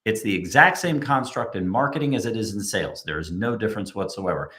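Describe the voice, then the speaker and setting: A man's voice: on the low side, lively intonation, fast talker, sharp tone. Emphatic, persuasive man on a podcast. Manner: emphatic and persuasive, acts out quoted customers. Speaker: guest, chief creative officer. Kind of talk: podcast conversation.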